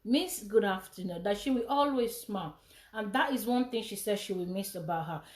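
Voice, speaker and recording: A woman's voice: mid-range voice, expressive, a little fast, echoey room. A middle-aged mother giving a heartfelt speech at a charity event, often repeating her phrases. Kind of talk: emotional personal speech.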